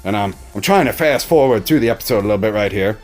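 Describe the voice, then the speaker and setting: A man's voice: on the low side, animated, quick pace, faint music behind. A man recapping a TV episode in a casual, profane, exasperated way. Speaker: TV reaction reviewer.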